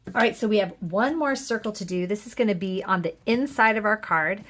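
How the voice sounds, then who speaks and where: A middle-aged woman chatting her way through a card-making tutorial, upbeat and full of fillers and quick self-corrections. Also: mid-range voice, fairly bright tone. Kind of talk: casual crafting tutorial.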